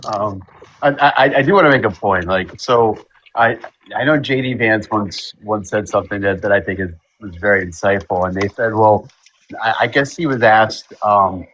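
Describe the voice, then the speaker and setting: Low-voiced man musing on a muffled line. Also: a bit bright, a little hiss or hum. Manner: measured, hesitant, thinks aloud. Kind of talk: casual political chat.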